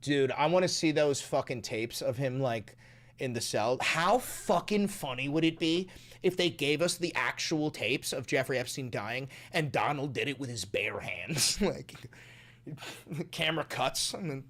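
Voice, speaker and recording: A man hosting a political commentary stream, talking in a profane, excitable way and laughing often. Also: mid-range voice, a little slow. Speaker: streamer host.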